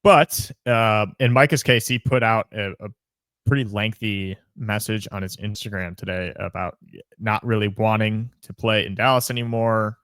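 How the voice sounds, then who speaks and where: Low-voiced young man chatting casually. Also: steady tone, normal speed, fairly bright tone, smooth, dry recording, studio quality. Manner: chatty, trailing restarts and repeated words. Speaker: podcast co-host. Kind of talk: casual chat.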